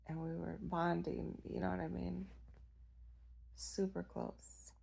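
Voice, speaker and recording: A woman's voice: lowish voice, flat delivery, slow pace, mellow, rough recording. A woman telling a personal story in a rambling, hesitant way, stopping to search for words. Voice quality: gravelly, husky.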